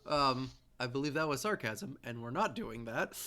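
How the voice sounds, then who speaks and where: A man's voice: mid-range voice, animated, normal speed, over a noisy crowd. A man playing in a tabletop game over a call, casually summing up the group's plans. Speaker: player.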